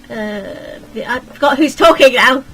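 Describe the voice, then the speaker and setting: Girl reading out a story game, high bright voice, jokey and slow, soft music behind. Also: expressive, husky, poor audio. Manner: playful and self-mocking, switching voices for every character. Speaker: gamer reading a visual novel aloud. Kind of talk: casual voiced playthrough.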